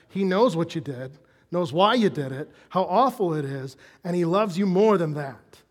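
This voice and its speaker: A man preaching a sermon as pastor, telling the story with animated energy and dropping to soft, intense tones on key points. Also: on the high side, moderate pace, big-room sound.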